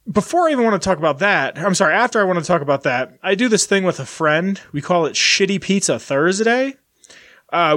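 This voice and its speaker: A man's voice: fairly high pitch, fairly bright tone, no echo, studio quality. A man hosting a podcast, telling stories in a rambling, casual way and swearing freely. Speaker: podcast host. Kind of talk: casual chat.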